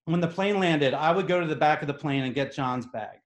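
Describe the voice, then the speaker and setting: Animated man telling a story on stage. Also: a little high, a little fast. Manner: animated, exasperated, emphatic. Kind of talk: live comic storytelling. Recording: echoey room.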